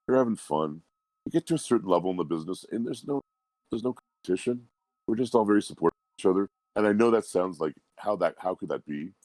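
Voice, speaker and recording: A man with a very low, deep voice talks about his work in an easygoing interview. He sounds humble and reflective. His voice is dry and close, with no room echo. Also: warm tone. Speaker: guest voice actor. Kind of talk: relaxed interview conversation.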